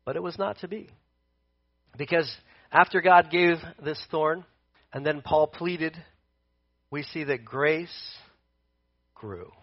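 A man preaches a sermon in a relaxed, conversational way, pacing as he talks. His voice sits a little higher than most men's. The sound is dry and somewhat dull, with no room echo. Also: takes it slowly, pauses often. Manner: conversational, animated, paces while preaching.

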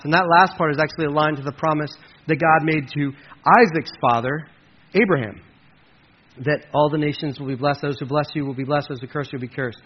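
A man's voice: a little high, fairly even intonation, brisk. A man preaching a sermon in a conversational way, with jokey asides to his listeners. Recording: slightly muffled with faint hiss.

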